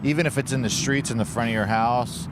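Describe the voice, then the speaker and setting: A man's voice: mid-range voice, steady tone, fast. A man co-hosting a comedy podcast, chatting casually in a dry, mock-earnest teasing way. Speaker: podcast co-host. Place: outdoors in a park. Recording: faint outdoor noise with passing traffic.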